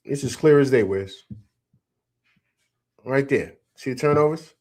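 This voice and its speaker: Unhurried and medium-pitched, a middle-aged man hosts a live postgame sports show. He reads chat comments out loud and answers them in an animated, emphatic manner, going back over the same points.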